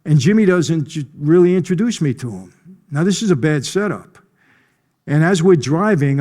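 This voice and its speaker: Mellow-voiced man telling a gripping story. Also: mid-range voice, big-room sound. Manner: emphatic, conversational, often clears throat. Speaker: conference speaker. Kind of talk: personal storytelling talk. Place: conference stage.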